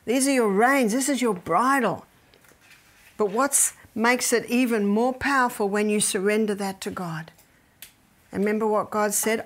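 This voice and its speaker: A middle-aged woman speaking to a seminar audience, mixing health teaching with scripture. Her voice sits at an ordinary pitch. She tells stories with animation and laughter, then sinks to a near-whisper to drive points home. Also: moderate pace. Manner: lively storytelling, laughs often, drops to a soft whisper for emphasis. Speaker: health educator. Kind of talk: seminar talk with Bible teaching.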